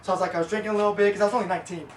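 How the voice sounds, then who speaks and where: A man's voice: high-pitched, fairly even intonation, very fast, slight background noise. A young man who is a comedian, telling stories in a casual, rambling and blunt way, with crude words and frequent check-ins. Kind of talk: casual comic storytelling. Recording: roomy echo, mic at a distance, faint ambience.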